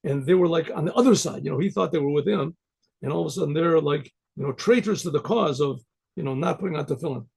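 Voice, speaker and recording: A man's voice: on the high side, fast talker, a little mellow. A man, a rabbi, telling a story in a rambling, conversational way with frequent restarts. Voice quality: gravelly, husky voice. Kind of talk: storytelling talk.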